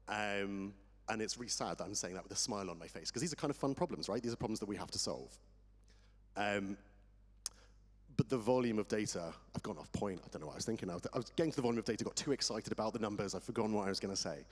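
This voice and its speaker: A man's voice: lowish voice, slightly rough. A middle-aged man on a conference panel, talking about tax in a chatty, enthusiastic way that sometimes loses its thread. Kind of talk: panel discussion. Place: conference hall. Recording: long hall reverb.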